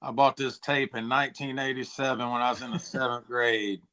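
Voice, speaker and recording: A man in his forties, a musician guest from Tennessee, chatting casually and rambling with a hoarse, throat-clearing voice. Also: mid-range voice, little pitch movement, fairly quick, pushed and bright. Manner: rambling, says "like" and "dude" a lot. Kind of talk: casual interview chat.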